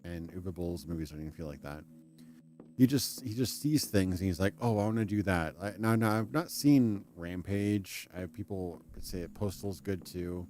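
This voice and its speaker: A deep-voiced man hosting a live game stream. He talks in a loose, rambling way, ranting and restarting his sentences as he goes, and breaks off now and then to read in-game text aloud. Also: moderate pace, dark tone. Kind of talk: casual live-stream commentary.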